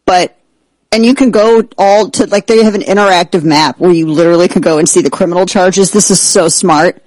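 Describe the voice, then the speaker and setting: A man hosting a talk show, excitable and sarcastic, who keeps breaking into exaggerated impressions. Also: high voice, fairly quick, no echo, low-quality recording. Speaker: host. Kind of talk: animated political talk show banter.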